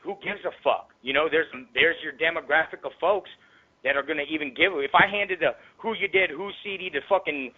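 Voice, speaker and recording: A man's voice: fairly high pitch, fairly quick. A man from the Tampa Bay area, a rapper telling a story in an interview, in heavily profane streetwise slang that gets heated. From Tampa Bay area, Florida. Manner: grows heated and louder. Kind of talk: casual storytelling. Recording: tinny phone-line recording.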